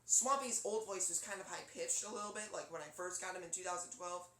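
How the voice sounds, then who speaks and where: A man's voice: high voice, fairly even intonation, fairly quick, sharp tone, slight background noise. A young man rambling casually as he demos his character voices. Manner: rambling, chatty, laughs easily. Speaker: voice actor vlogger. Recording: echoey room.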